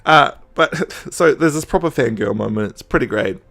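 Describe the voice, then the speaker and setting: A man co-hosting a casual podcast chat, an excitable fan who acts out quotes in silly voices. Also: medium pitch, normal speed, creaky. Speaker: podcast co-host.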